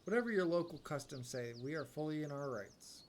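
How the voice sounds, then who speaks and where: A man's voice: on the high side, lively intonation, a little fast, a little hiss or hum, lightly acted. A man reading as a haughty captive slaver woman. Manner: haughty, threatening, pleading. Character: arrogant female slaver agent, captive. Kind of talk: reading game dialogue aloud.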